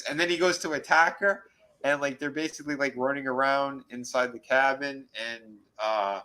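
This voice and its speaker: Man excitedly retelling a plot. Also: medium pitch, moderate pace. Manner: rambling, excited retelling with restarts. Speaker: podcast co-host. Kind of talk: casual review chat.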